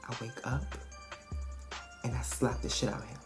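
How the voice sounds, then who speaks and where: A woman vlogger telling a storytime in a casual, blunt and profane way, animated and emphatic as she retells it. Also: very deep voice, measured pace, long pauses, music in the background.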